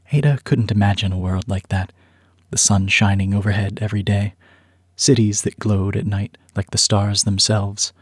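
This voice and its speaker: A man narrating a story script in a measured, even storytelling manner. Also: on the low side, breathy edge, no echo, clean studio sound.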